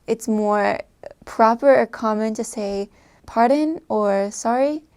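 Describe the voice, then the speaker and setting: A young American woman chatting casually to camera, with lots of fillers, soft trailing phrases and frequent laughs. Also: mid-range voice, flat delivery, slow, smooth. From United States. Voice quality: filler-heavy, laughing often, trailing off softly. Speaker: vlogger. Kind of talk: casual chat.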